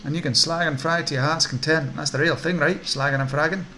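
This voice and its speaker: Man putting on a jittery Scottish orc pusher, loud and high, gravelly edge. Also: fairly even intonation, fast, slight background noise. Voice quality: wheedling, jittery salesman patter. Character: twitchy fast-talking male orc drug dealer, Scottish.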